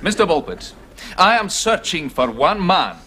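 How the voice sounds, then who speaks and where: A florid Scottish solicitor. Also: male voice, sits high, big pitch swings, a little slow, pushed and bright, full character voice. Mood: grandiose. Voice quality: formal, florid and long-winded. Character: pompous Scottish solicitor, middle-aged man. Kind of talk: 1980s sitcom acting.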